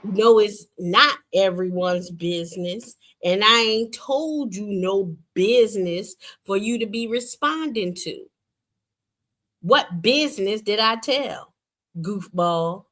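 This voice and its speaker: A woman hosts a livestream debate at an unhurried, drawn-out pace. She is sassy and dismissive, and she mocks whoever argues back. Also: mid-range voice, fairly bright tone. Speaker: livestream show host.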